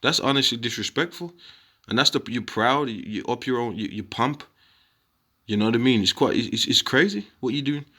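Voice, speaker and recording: A young man talking casually to his viewers, animated and repetitive, calling them bro and man while making his case. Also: mid-range voice, brisk. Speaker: online commentator. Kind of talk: casual rebuttal video talk.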